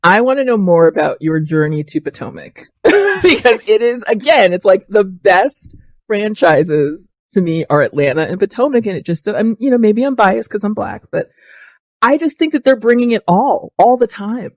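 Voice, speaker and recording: A woman's voice: mid-range voice, expressive, normal speed, a little mellow, no room sound. A woman guest on a podcast in casual chat, opinionated and emphatic, often laughing.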